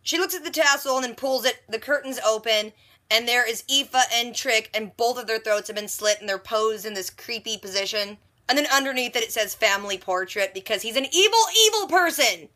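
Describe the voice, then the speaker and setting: A woman vlogger recapping a TV episode in a chatty, animated way, exclaiming in disbelief at the twists. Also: fairly high pitch, brisk. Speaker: TV reaction vlogger.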